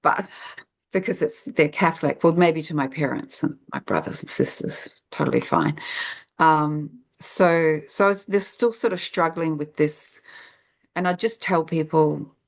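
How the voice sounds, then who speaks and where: Low-voiced middle-aged New woman. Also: expressive, measured pace. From New Zealand. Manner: rambling, reflective, self-interrupting with fillers. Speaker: guest. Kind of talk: casual storytelling.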